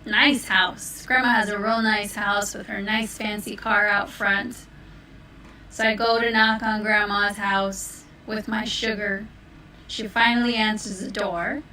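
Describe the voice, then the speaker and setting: A woman telling a story in a playful, unhurried manner. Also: medium pitch, flat delivery, pushed and bright, slight background noise. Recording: roomy, distant mic.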